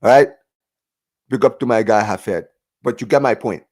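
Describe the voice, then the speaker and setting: A man's voice: mid-range voice, moderate pace. A man hosting a live football reaction stream, ranting in a sarcastic, repetitive way. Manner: animated, ranting and sarcastic, repeats words and says "bro". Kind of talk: live fan reaction chat.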